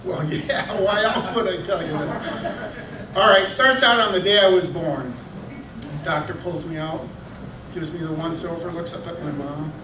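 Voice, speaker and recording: A man from Michigan doing a self-deprecating stand-up comedy set in a comedy club, now and then jumping into high yelping voices. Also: measured pace, background noise. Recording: echoey club from a distant camera.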